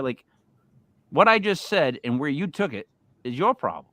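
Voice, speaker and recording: An animated man hosts a casual podcast chat, his pitch swinging widely as he repeats words to push his point home. The sound is close and dry, with no room echo at all. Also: brisk. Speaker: host.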